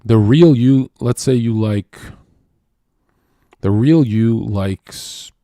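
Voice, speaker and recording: A man rants to his livestream chat in a brash, profane way. He jumps from shouting to near-whispered asides. The sound is dry and close, with no room echo. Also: extremely slow. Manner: brash, profane, swings from loud shouting to low murmuring. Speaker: streamer.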